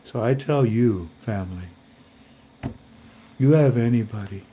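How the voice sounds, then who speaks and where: A man hosts a casual, faith-based livestream. His voice sits at a middle pitch. He rambles in a folksy way and calls his viewers family. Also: unhurried, mellow, a little hiss or hum. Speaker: host.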